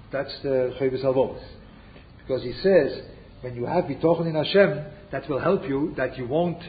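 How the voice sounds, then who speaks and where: A man giving an informal religious lesson, full of rhetorical questions and Hebrew and Yiddish terms, who keeps checking in with his listeners. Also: on the high side. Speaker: Torah teacher. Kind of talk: informal lecture on a religious text. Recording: dull lo-fi recording with faint noise.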